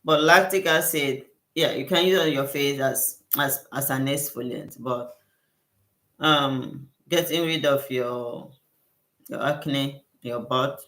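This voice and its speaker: A woman's voice: a bass voice, slow, a bit bright. A woman who works as a skincare consultant, hosting a casual livestream Q&A with viewers. She talks effusively, repeats herself and thanks her viewers often. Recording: roomy echo.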